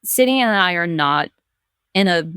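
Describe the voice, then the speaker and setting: A woman's voice: lowish voice, expressive, moderate pace, fairly bright tone, smooth, dry recording, studio quality. Candid, chatty woman podcast guest. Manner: candid, chatty, laughs readily, many fillers like "like". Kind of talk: casual chat.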